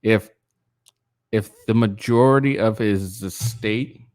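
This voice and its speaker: A man's voice: fairly low pitch, slow, a little mellow, no room sound, studio quality. A tired man reading a news article aloud and breaking off into rambling, profane rants full of fillers and restarts. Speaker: political commentary channel host.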